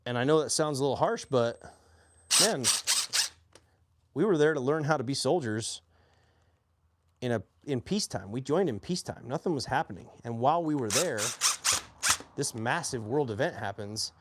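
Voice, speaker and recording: A man's voice: mid-range voice, moderate pace, pauses often, very noisy. Plainspoken man in his forties. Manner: plainspoken, animated when quoting others. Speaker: army veteran telling his story. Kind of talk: casual storytelling.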